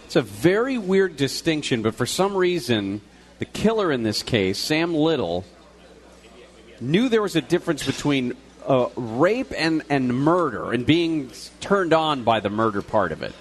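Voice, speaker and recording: A man's voice: mid-range voice, big pitch swings, measured pace. A male radio co-host talking live from a restaurant, retelling a news story in a loose, conversational way with fillers and restarts.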